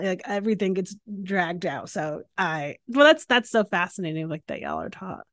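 A woman's voice: on the low side, big pitch swings, brisk, few pauses, dry recording, clean studio sound. A young woman from Connecticut hosting a casual interview, chatty and bubbly with many fillers. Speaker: podcast host.

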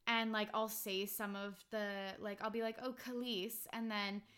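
A young woman from Canada hosting a casual podcast, chatty and quick to laugh, filling her talk with "like". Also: mid-range voice, little pitch movement, fairly bright tone. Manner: chatty, laughs often, heavy use of "like". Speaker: podcast host. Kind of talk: casual chat.

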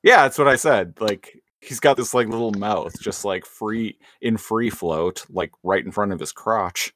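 A man's voice: fairly low pitch, a little slow, fairly bright tone, a little hiss or hum. A man in his thirties chatting casually on a podcast, rambling with lots of fillers and laughing often. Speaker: podcast co-host. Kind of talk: casual chat.

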